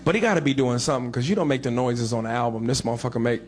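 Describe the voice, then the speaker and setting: A man's voice: medium pitch, racing. A man doing stand-up comedy in a crude, profane way.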